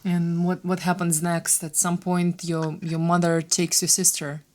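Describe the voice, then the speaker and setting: A woman podcast host interviewing a guest with short, gentle prompting questions. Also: lowish voice, completely flat delivery, measured pace.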